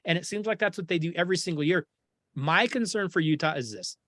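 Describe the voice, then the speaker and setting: A man hosting a sports talk show, talking in an animated, opinionated and jokey way. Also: on the high side, fast, no room sound. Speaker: podcast host.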